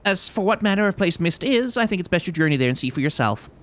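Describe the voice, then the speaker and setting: A man voicing a proud, formal city official in a fantasy game, proclaiming in a lofty, high-pitched voice. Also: very animated, quick pace, fairly bright tone.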